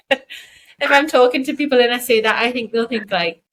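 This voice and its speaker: A woman co-hosts a podcast in relaxed conversation. She talks her thoughts through as she goes, in a musing, reflective manner. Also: on the high side, a little slow, rough recording. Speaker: podcast co-host. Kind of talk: casual chat.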